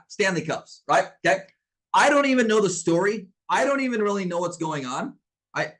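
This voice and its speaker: High-voiced, fired-up man coaching. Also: rough recording. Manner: energetic, preacher-like call-and-response; blunt and emphatic, repeats himself. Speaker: business coach. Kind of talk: live online masterclass.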